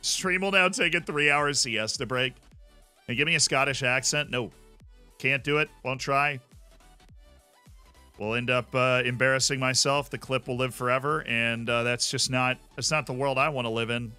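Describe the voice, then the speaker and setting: A man's voice: medium pitch, steady tone, moderate pace, bright, forceful tone, smooth, faint music behind. An American man chatting casually and rambling on his live stream, reacting aloud to the game as he plays. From United States. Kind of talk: casual live-stream chat while gaming.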